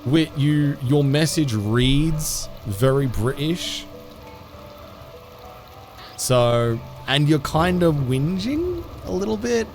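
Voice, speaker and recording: A man's voice: on the high side, sing-song, darkish tone, soft background music. A man chatting casually with his viewers while streaming a game, laid-back and rambling. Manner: laid-back, rambling, frequent restarts, quick laughs. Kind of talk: casual live-stream chat while playing.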